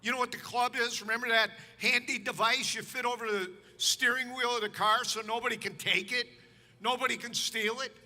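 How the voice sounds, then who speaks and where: A pastor from Chicago telling a sermon story in an animated, humorous, exasperated way. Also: male voice, extremely high pitch, a little fast, in a large hall. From Chicago, United States. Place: church sanctuary.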